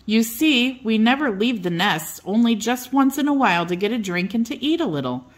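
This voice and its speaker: A woman's voice: on the high side, lively intonation, moderate pace, pitched above the performer's own voice. An older woman voicing two motherly old hens who patiently explain how eggs hatch.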